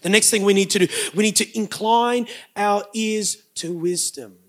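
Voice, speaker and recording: A man's voice: high-pitched, moderate pace. A man, preaching a sermon as pastor with emphatic bursts and joking asides to the congregation.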